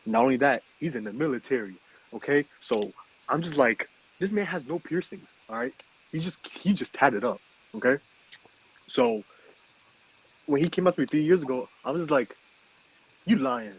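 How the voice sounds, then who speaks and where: Husky man telling an emphatic story. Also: mid-range voice, expressive, normal speed, long pauses, poor audio. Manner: emphatic storyteller, keeps asking "okay?". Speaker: podcast co-host. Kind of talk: casual chat.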